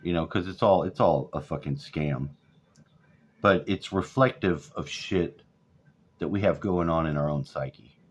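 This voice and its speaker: A man's voice: low voice, a little slow, husky. A man over forty, ranting profanely and sarcastically in a rambling vlog. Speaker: vlogger. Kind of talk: profane political rant. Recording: dull lo-fi audio.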